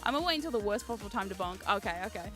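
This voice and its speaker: A woman streamer chatting casually on a live stream, excitable and giggly, swearing freely. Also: medium pitch, very fast, faint music behind. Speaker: VTuber streamer.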